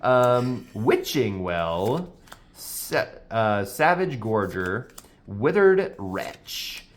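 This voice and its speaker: Casual male co-host, slow and hesitant, pitch rising and falling a lot. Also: sing-song. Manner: slow, hesitant reading of card names with many "uh"s. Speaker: co-host opening card packs. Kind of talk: casual card opening chat.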